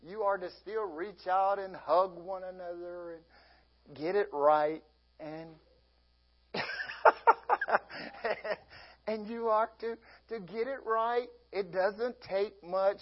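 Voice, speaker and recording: Male pastor mid-sermon, high husky voice, folksy, laughs often, acts out little scenes. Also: a little slow, muffled recording.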